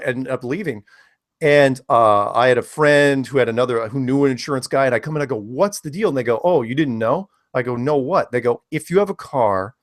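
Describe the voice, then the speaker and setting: A man of middle pitch talks casually as a guest on a call-in style show. He tells long anecdotes in a rambling way, stumbling and repeating words. The sound is dry and close. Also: dry recording. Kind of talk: casual chat.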